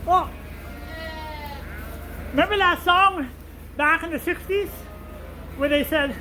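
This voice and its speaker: A man's voice: very high-pitched, slow pace, bright, forceful tone, soft background music, low-quality recording. An older man, a sheep farmer, chatting casually and joking as he does the evening chores in his barn. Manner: joking, folksy, talks to the animals. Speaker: sheep farmer, channel host. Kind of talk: casual chat while doing farm chores.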